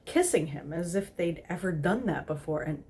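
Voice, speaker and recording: A woman's voice: lowish voice, animated, moderate pace, dark tone, a little hiss or hum. A woman casually reading a story aloud, stumbling and repeating words, with giggly asides. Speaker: host reading fan fiction aloud.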